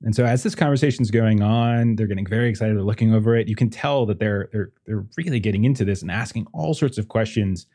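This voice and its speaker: A man running a tabletop horror game, rambling and restarting as he narrates. His voice is low, dark and a little husky. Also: fast, few pauses. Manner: rambling, full of fillers and restarts. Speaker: game master.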